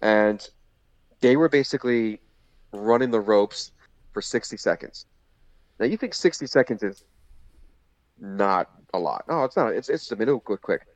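A man's voice: lowish voice, animated, moderate pace, long pauses, dry recording. A man telling a long casual story as a podcast guest, rambling with lots of fillers and restarts. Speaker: podcast guest, former indie wrestler. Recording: slightly muffled lo-fi audio.

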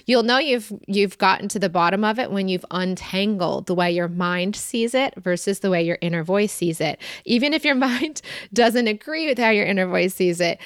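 A woman hosting a solo question-and-answer podcast, explaining calmly in long flowing sentences and repeating words for emphasis. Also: medium pitch, no room sound, studio quality. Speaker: podcast host.

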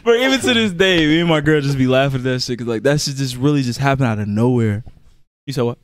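A man's voice: mid-range voice, animated, fast talker, dry recording. A young man co-hosting a podcast, telling a funny story in slangy casual talk and laughing often. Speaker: podcast co-host. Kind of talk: casual chat.

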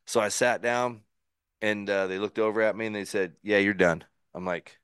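A middle-aged man with a fairly low voice spins a story as a podcast guest. He is animated, acts out his own inner thoughts, and trips over restarts. It is recorded close and dry, with no room sound. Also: fairly quick, clear, resonant tone, dry recording. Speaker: podcast guest, former pitcher. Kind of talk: casual storytelling.

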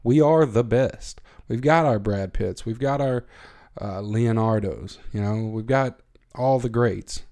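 A man with a wry, deadpan way of joking, talking casually in a monologue with frequent fillers. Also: mid-range voice, measured pace. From United States. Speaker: vlogger.

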